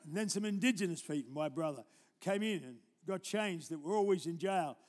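An older man preaching a live church sermon, telling stories and moving between loud exhortation and quiet, tender asides. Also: on the high side, expressive, a little fast. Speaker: pastor. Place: church auditorium.

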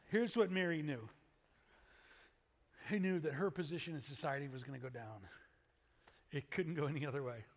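A pastor giving a conversational sermon, moving between loud animated bursts and quiet earnest asides. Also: male voice, a little high, normal speed, pauses often. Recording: long hall reverb.

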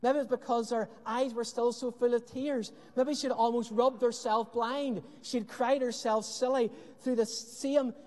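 A man preaching a sermon with earnest emphasis and dramatic pauses, often dropping to a hushed voice. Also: very high-pitched, steady tone. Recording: long hall reverb.

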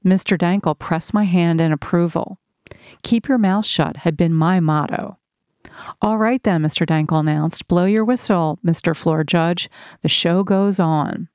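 A woman narrating a first-person audiobook in a slow, measured reading. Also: on the low side, dark tone, no room sound, clean studio sound.

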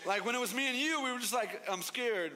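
A male pastor preaching a sermon, telling a story in an animated, playful way and acting out the voices in it. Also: very high-pitched, rapid-fire, a crowd in the background, noisy background.

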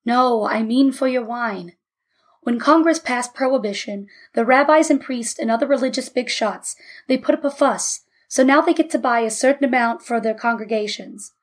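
A woman's voice: on the high side, moderate pace, natural voice. A woman voicing a blunt, wisecracking old man in a read-aloud story. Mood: wry.

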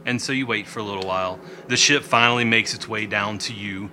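A man narrating a tabletop game as game master, telling it in an animated, quick way. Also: on the low side, a little hiss or hum.

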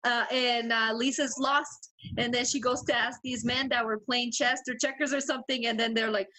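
A high, bright woman co-hosting a casual podcast. She tells stories at a quick clip, laughing and swearing freely. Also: steady tone, low-quality recording. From Mexican. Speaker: podcast co-host. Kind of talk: casual chat.

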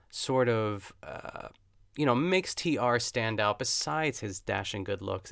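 Chatty male podcaster with gravelly voice. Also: medium pitch, fairly bright tone, no room sound, clean studio sound. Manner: chatty, gushing, self-deprecating asides. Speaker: podcast host. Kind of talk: casual solo podcast recap.

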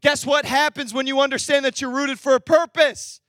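A young man delivers a lively sermon in a very high voice. The sound is dry and close, with no room around it. He tells stories and acts out the voices in them. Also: moderate pace, no echo. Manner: energetic, storytelling, acts out dialogue. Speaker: pastor.

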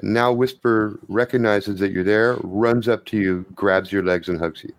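A man narrating a tabletop game as game master, measured and hesitant with fillers. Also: on the low side, low-quality recording.

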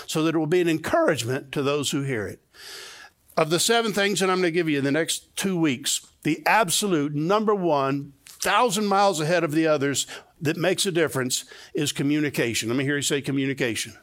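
A man's voice: on the high side, expressive, brisk, fairly bright tone. A middle-aged man preaching a sermon to his congregation in a conversational way, often repeating key phrases and having the listeners say them back. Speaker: pastor. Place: church sanctuary.

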